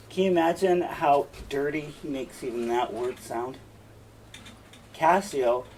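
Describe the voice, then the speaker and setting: A man's voice: mid-range voice, darkish tone. A man teaching a play line by line, paraphrasing the lines in casual, emphatic terms. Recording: distant mic, faint room noise.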